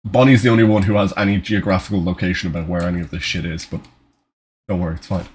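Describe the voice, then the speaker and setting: A man's voice: low voice, little pitch movement, quick pace, a little hiss or hum. A man running a tabletop game as game master, narrating casually, swearing and breaking off mid-sentence, on an online voice call. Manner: casual, swearing, self-interrupting.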